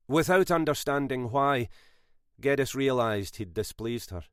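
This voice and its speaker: Slow, expressive male audiobook narrator. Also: mid-range voice, smooth, no room sound, clean studio sound.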